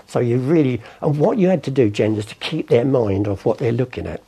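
A man's voice: medium pitch, lively intonation, brisk, dark tone. An older man, telling rambling stories in an interview and acting out the voices of people in them. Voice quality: gravelly. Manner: rambling, acts out voices in anecdotes. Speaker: interviewee, former art forger. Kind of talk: storytelling interview.

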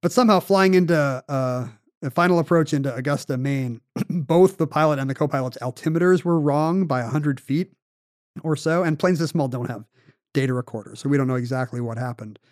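A man co-hosting a podcast, telling a story in casual chat with animated, quick bursts. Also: on the high side, dry recording, studio quality. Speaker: podcast co-host.

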